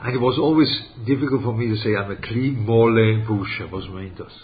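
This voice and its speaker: A man giving a religious lesson, halting and searching for words as he poses rhetorical questions. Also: lowish voice, a little hiss or hum. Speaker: rabbi teaching Torah. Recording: dull lo-fi recording.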